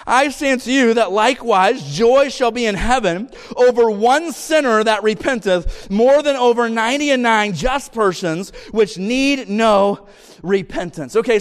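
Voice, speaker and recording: A man preaching a sermon in church, reading scripture slowly and building to emphatic points. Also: high-pitched. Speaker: pastor. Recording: long reverb of a church hall.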